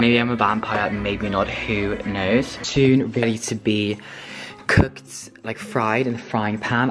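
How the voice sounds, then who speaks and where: A young man from Sweden talking to camera in a casual vlog, dramatic, camp and self-mocking, swearing often. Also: medium pitch. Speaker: vlogger.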